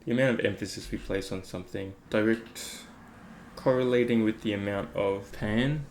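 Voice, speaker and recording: A man's voice: lowish voice, normal speed, a little mellow, slight background noise. A man thinking aloud in a casual, reflective talk about meditation, rambling with many fillers. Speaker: meditation vlogger.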